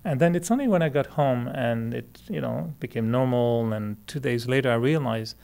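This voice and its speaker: A man with a French Canadian accent, a native French speaker, teaching meditation in a relaxed, chatty way, laughing often and restarting sentences. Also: medium pitch, normal speed, gravelly, clean tone. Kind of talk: relaxed spoken talk to a group.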